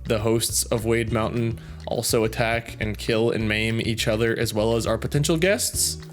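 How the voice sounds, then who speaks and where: A man reading viewer comments aloud in casual chat, goofy and prone to loud silly outbursts, with a slightly sore throat. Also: on the low side, fairly even intonation, normal speed, soft background music.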